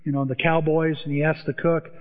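A man preaching a sermon, telling stories in a lively way and acting out the voices of the people he quotes. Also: a little high, brisk. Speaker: pastor. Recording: dull sound with long hall reverb.

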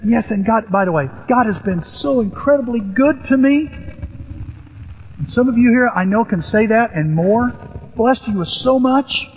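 A man preaching a sermon with a Southern Illinois accent, animated, acting out biblical speakers in a raised voice. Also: high voice, husky, muffled recording. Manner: animated, acts out Joseph's lines in a raised voice. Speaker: pastor. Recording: poor-quality recording in a big reverberant hall.

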